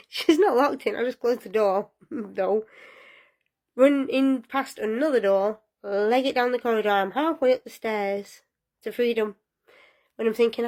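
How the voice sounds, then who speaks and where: Young woman chatting through a spooky story, highish voice, giggly and lively. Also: measured pace, pauses often. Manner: lively, laughs often while telling. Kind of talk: casual spoken storytelling.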